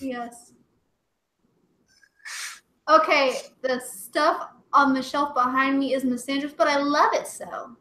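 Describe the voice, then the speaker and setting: Bright giggly young woman, roomy sound. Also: high voice, steady tone, slow pace, pauses often. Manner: giggly, rambling, full of "like" fillers. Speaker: livestream co-host. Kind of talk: casual chat. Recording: roomy echo.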